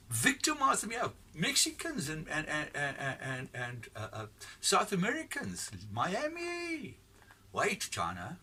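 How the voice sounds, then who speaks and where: A man's voice: a little high, pushed and bright, recorded from a distance. A man giving a blunt, profane, rambling opinion rant, recorded from off the mic with faint noise behind him. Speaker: commentator giving his opinion.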